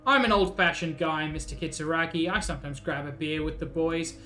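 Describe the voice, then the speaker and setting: Man doing a smug scheming union boss, slow persuasive put-on accent, lower than his own voice. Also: pushed and bright, soft background music. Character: scheming jovial middle-aged male union boss.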